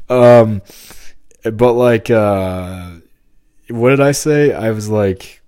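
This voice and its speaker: A man's voice: on the low side, very slow, long pauses, darkish tone, no room sound, clean studio sound. A man hosting a solo podcast, talking in a meandering monologue that keeps jumping between topics and interrupting itself. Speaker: podcast host.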